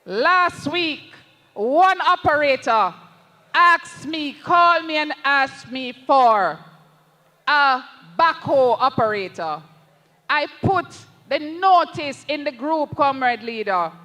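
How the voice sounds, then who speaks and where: This is an impassioned rally address from a parliamentary candidate whose accent is Jamaican, delivered slowly and emphatically while he turns again and again toward the party leader. The voice sits high, animated, pushed and bright, and the acoustics suggest a big room.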